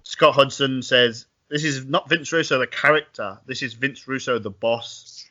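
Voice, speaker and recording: A man co-hosting a podcast, recapping events in a wry, animated way. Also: mid-range voice, moderate pace, muffled recording. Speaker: podcast co-host. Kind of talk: casual podcast chat.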